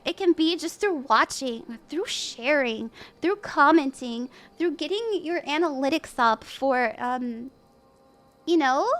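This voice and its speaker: A woman's voice: high-pitched, lively intonation, slow, a bit bright. A woman hosting a casual live-stream tarot reading, bubbly, giggly and encouraging as she gives advice. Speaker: tarot reader and livestream host.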